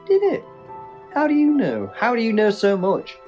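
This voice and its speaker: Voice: mid-range voice, moderate pace, soft background music. A let's play host giving casual, jokey gameplay commentary with lots of swearing. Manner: animated, swearing, joking asides.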